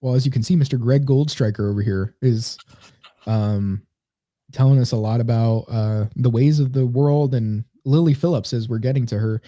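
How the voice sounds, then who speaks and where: Sarcastic podcast host, mellow dry voice. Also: male voice, medium pitch, normal speed, no echo. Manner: sarcastic, rambling, reads comments aloud. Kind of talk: casual comedy podcast banter.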